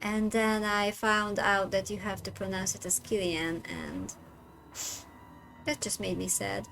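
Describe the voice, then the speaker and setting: A woman's voice: medium pitch, lively intonation, unhurried, creaky, over music, rough recording. A woman streamer musing aloud in casual let's-play commentary between game lines. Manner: chatty, musing aside.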